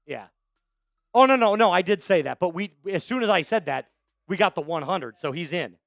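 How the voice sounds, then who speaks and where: A man's voice: high voice, lively intonation, moderate pace, vocal fry, dry recording, faint music behind. Male stream host, upbeat and chatty, thanking donors; dry close sound. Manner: hyped, shouting out chat donors. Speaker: livestream host. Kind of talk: live sports play-by-play stream.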